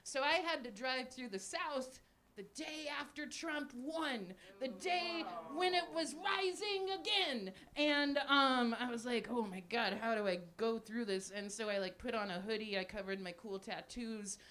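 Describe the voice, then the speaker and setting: A woman in her forties performing a live stand-up set at a small cafe, animated, laughing at her own jokes and shouting punchlines. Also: high voice, unhurried. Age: 40s. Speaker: stand-up comedian. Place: small cafe stage before a live audience.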